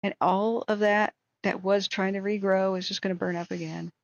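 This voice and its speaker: A hoarse woman hosting a wildfire tracking livestream, ranting in angry, exasperated commentary. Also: medium pitch, steady tone, moderate pace, dull audio.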